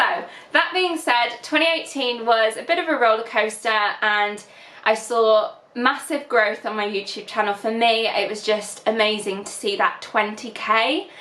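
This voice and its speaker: A woman's voice: a little high, pushed and bright, reverberant. Chatty young Northern English woman vlogging. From England. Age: 20s. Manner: chatty, many fillers, emotional and teary at times. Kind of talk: casual reflective vlog chat.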